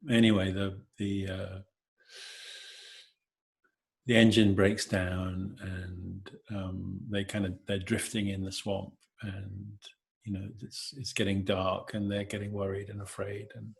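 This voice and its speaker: A middle-aged man giving a gentle, halting meditation talk, full of hesitations and filler words. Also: lowish voice, vocal fry. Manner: gentle, hesitant, many "you know" fillers. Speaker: meditation teacher.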